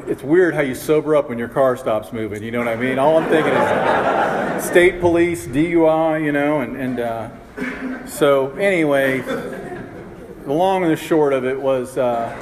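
A man's voice: mid-range voice, unhurried, a crowd in the background. A man in his fifties telling his own recovery story to a group, rambling and self-mocking, with lots of "you know" fillers. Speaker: speaker sharing his story. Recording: reverberant hall with faint ambience.

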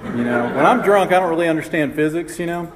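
A man's voice: a little high, lively intonation, fast, a little hiss or hum. A man in his fifties telling his own recovery story to a group, rambling and self-mocking, with lots of "you know" fillers. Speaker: speaker sharing his story. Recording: reverberant hall with faint ambience.

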